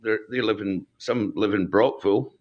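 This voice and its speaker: A man's voice: lowish voice, normal speed, darkish tone, dull audio. A Scottish man chatting on a video call as a guest, hesitant with many ums and restarts. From Scotland. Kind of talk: casual video call chat.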